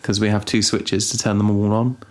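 A young man co-hosting a casual podcast, rambling and teasing with deadpan asides. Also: fairly low pitch, a little fast. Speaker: podcast co-host. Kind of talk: casual chat.

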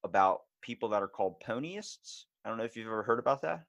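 A man's voice: quick pace, gravelly, no echo. A man with a Baltimore accent hosting a podcast, telling stories and acting out quotes with big jumps in his voice. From Baltimore, USA. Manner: animated storyteller, acts out quotes with big pitch jumps. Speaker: podcast host. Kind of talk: casual podcast chat.

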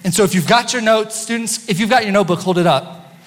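A pastor with a high-pitched, fairly bright voice preaches fast to his congregation, easygoing and playful as he teases listeners between points. His words ring out through a large church sanctuary with a long, echoing reverb.

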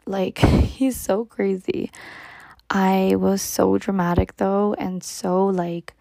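A young woman telling a personal story in a casual way, often sinking into a soft half-whisper and using lots of "like"s. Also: mid-range voice, level tone, slow pace, creaky, no echo.

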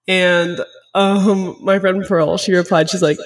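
A woman's voice: fairly low pitch, steady tone, unhurried. Twenties woman, solo podcast host, teary and choked up, chatty filler-heavy ramble, slightly distant mic. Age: 20s. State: tearful, choked up. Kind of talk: casual solo podcast talk.

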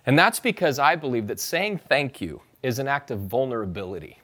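Conversational pastor preaching a sermon. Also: male voice, mid-range voice, big pitch swings, a little fast, a bit bright. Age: adult parent. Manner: conversational preaching, urging the congregation to repeat scripture.

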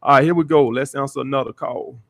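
A man's voice: mid-range voice, fairly even intonation, fast, gravelly. A man hosting a call-in dating podcast, giving blunt, profane advice in a preachy way and often saying "all right.". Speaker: podcast host, dating coach.

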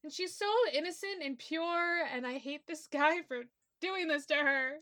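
High, bright-voiced young-sounding woman. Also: moderate pace. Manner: casual, uses many fillers. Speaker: podcast co-host. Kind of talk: casual chat.

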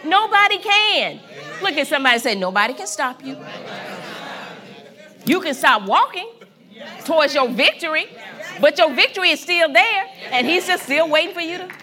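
A woman pastor preaches with fervor, her high voice swooping all over as she hammers home repeated lines. Her tone is bright and ringing, and she calls on the listeners to answer back. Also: lively intonation, brisk, some chatter behind. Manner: fervent, emphatic preaching with repetition and call-and-response. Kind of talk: sermon.

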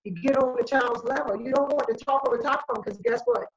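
A woman's voice: high-pitched, fast, a crowd in the background, poor audio. A woman in casual group discussion, speaking animatedly and acting out exchanges with children. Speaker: panel guest sharing parenting views.

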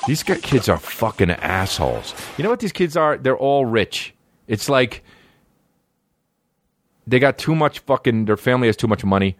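A man's voice: medium pitch, big pitch swings, normal speed, a little hiss or hum. A man riffing in a casual comedic monologue, rambling and profane, breaking into silly put-on voices. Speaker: comedian podcast host.

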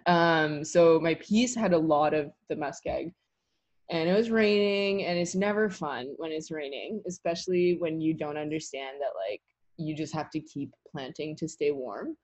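A woman's voice: sits low, moderate pace, a little mellow. Chatty young woman telling a story. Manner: chatty, lots of "like" fillers, laughs while telling. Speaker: guest, tree planter. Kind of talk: casual interview storytelling.

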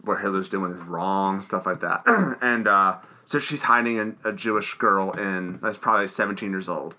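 A man co-hosting a casual podcast, recapping movies in a rambling way, full of "like" and frequent throat-clearing. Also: low voice, normal speed, bright, forceful tone. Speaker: podcast co-host. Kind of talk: casual movie review chat.

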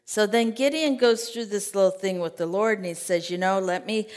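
A woman teaching a Bible study as a sermon, lively, acting out scripture and conversations in other voices. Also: medium pitch, moderate pace. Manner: animated, acts out scripture quotes and conversations. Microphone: podcast mic.

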